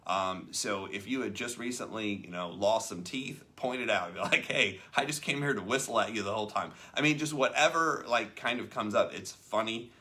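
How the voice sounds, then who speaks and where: A man's voice: lowish voice, moderate pace, hardly any pauses, bright, forceful tone. A man hosting a casual talk show, telling a story and acting out the people in it. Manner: chatty storyteller acting out quoted voices. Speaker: host. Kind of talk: casual chat about a leadership book.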